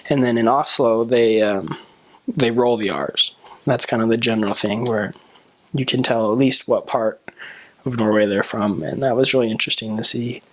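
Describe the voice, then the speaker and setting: A man's voice: medium pitch, steady tone, normal speed. A man, a returned missionary, speaking earnestly and conversationally with frequent fillers. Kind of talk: casual explanatory talk.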